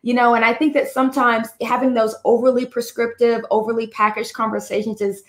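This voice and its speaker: Bubbly high-voiced woman hosting a livestream. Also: level tone, fairly quick, echoey room. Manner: upbeat, chatty, greets viewers by name. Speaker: host. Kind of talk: livestream chat.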